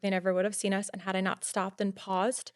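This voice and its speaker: A woman guest on a podcast telling a personal story in casual talk, animated and full of "like" fillers. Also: medium pitch, brisk, clean tone, dry recording, studio quality. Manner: animated, acts out quotes, many "like" fillers.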